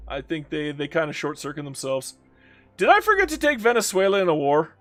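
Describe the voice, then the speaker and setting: A man's voice: fairly high pitch, big pitch swings, fairly quick, a bit bright. A young Canadian man commenting playfully on a strategy game, reading chat and mock-scolding the game. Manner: playful, theatrical, talks to the game. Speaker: gaming YouTuber. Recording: faint background music.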